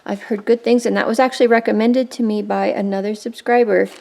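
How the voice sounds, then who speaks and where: A woman hosts a casual unboxing vlog, her speech full of awed, breathless exclamations. Her voice carries a gravelly, fry-laced texture. She talks in a gushing, exclamatory way as each item comes out. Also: mid-range voice, steady tone, a little fast, a little mellow. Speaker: art channel host.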